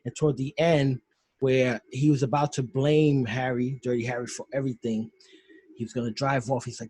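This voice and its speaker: A man hosting a casual podcast over a video call, rambling with enthusiasm about what he loves. His voice has a slight husk at a middle pitch, and the sound is dry and close. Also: fairly even intonation, brisk, mellow, slightly rough, no echo, low-quality recording. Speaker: podcast host. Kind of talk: casual commentary.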